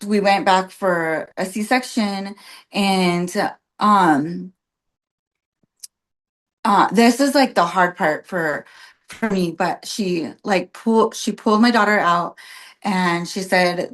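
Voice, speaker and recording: A woman's voice: mid-range voice, extremely slow, fairly bright tone. A young adult woman, a podcast guest, telling her story in a casual, chatty way, full of "like" and "um" and acting out what others said. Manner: chatty, many "like" and "um" fillers, acts out quotes.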